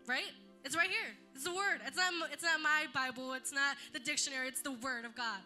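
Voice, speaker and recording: High bright young woman church leader. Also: fairly quick, faint music behind. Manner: animated storytelling, acts out quotes. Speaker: youth leader. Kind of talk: church youth talk.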